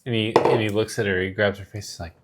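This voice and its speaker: A man's voice: fairly low pitch, fairly even intonation, fast, very noisy. A man co-hosting a podcast who chimes in to finish his partner's sentences during a casual film recap. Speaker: podcast co-host. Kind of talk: casual movie recap chat.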